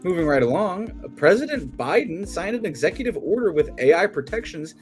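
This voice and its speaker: A man co-hosting a livestream, reading out film news in a relaxed, easygoing way. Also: high-pitched, fairly quick, faint music behind. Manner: easygoing, reads headlines. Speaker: co-host. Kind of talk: casual movie news chat.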